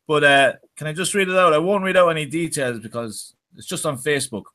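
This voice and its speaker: A bright, slightly high-voiced Irish man chats on a late-night panel. He reads aloud with a teasing, wry touch. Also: a little fast. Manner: jokey, reading aloud with wry asides. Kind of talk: casual studio chat.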